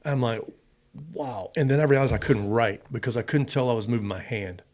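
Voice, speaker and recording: Brisk and darkish, with a mid-range voice, a middle-aged American retired fighter pilot casually works through a long personal story as a podcast guest, voicing both people in the dialogue during the interview.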